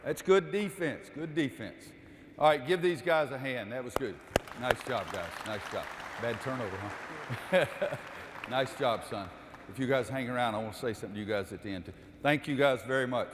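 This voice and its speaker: A basketball coach leads a clinic in a gym, shouting quick cues to players running drills. Between drills he turns and explains the defense plainly to the audience. His voice carries a long reverb off the hard walls, with faint room noise underneath. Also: medium pitch, a crowd in the background.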